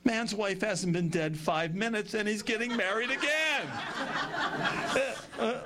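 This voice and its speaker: An actor playing an irritable, impatient judge who mutters and snaps at everyone in the courtroom, in 1960s film comedy style. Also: male voice, sits high, slow pace, heavy background noise. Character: testy fussy male judge, middle-aged.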